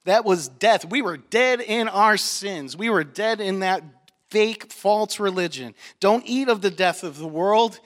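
A male pastor delivers a sermon in a high, bright, forceful voice. He is animated and jokey and tells stories straight to his congregation in a church. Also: a little slow. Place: church sanctuary.

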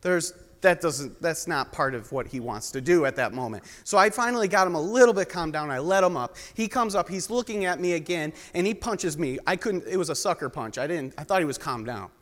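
A young man with a high voice delivers a sermon in a storytelling way, joking with the congregation. His voice rings out with the long reverb of a large church hall. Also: expressive, fairly quick, hardly any pauses, a bit bright. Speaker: guest preacher. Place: church sanctuary.

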